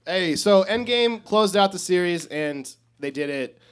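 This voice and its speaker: A man co-hosting a live podcast from a comic shop, chatting casually and excitedly and swearing freely. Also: high voice, unhurried, clear, resonant tone. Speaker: podcast co-host.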